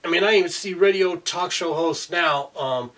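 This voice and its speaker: A man's voice: a little high, moderate pace, a bit bright. A man delivering a heated, profane rant to camera, peppered with "you know" fillers. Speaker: video blogger. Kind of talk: angry ranting monologue. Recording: voice distant from the mic.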